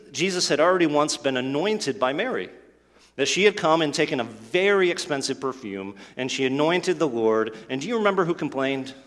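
A man's voice: mid-range voice, fairly bright tone. Man preaching in an echoing hall. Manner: earnest storytelling, acting out quoted lines. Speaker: pastor. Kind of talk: sermon. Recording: long hall reverb.

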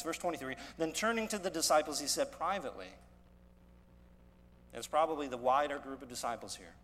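Earnest male preacher in a reverberant hall. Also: a little high. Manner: earnest, swells loud and slow on emphasis, drops to quiet asides. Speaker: pastor. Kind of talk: expository sermon.

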